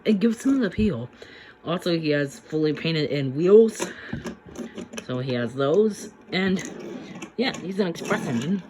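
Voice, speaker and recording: A man's voice: a little high, background noise. Chatty man reviewing a toy train. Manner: chatty, rambling, with restarts and filler. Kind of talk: casual hobby review.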